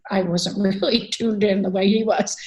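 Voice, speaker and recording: A woman's voice: mid-range voice, fairly even intonation, moderate pace, dull audio. An older woman, an author and advocate, telling a personal story candidly in a conversational interview, with frequent fillers.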